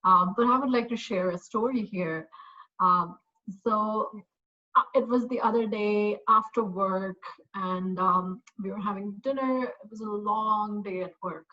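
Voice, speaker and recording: A woman's voice: mid-range voice, a little slow, pushed and bright, dull audio. A middle-aged woman, a parent, giving a casual, reflective personal testimonial with many fillers. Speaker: parent and course graduate.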